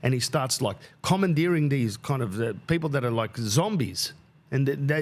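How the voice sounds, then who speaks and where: A man's voice: medium pitch, moderate pace. A man in his thirties, casually telling a travel story on his podcast, swearing freely and acting out the people he met. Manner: animated, swears freely, acts out quoted people. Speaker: podcast host.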